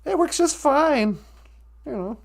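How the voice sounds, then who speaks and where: A man voicing an easygoing old male bear in a told folk story, loud and relaxed. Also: very high-pitched, slow pace, gravelly, exaggerated voice.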